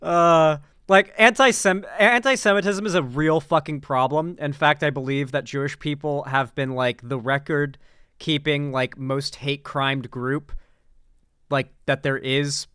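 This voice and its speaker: A man's voice: fairly high pitch, unhurried, fairly bright tone, clear, resonant tone, no room sound, clean studio sound. A man hosting casual political reaction commentary, rambling with many fillers, restarts and blunt swearing.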